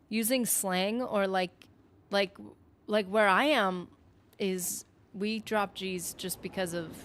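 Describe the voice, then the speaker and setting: A woman from the northern United States chatting casually on a game stream, rambling with lots of "like" and breaking off mid-thought while reading out viewer comments. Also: medium pitch. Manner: rambling, chatty, full of "like" and self-interruptions; reads viewer comments aloud. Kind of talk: casual live-stream chat.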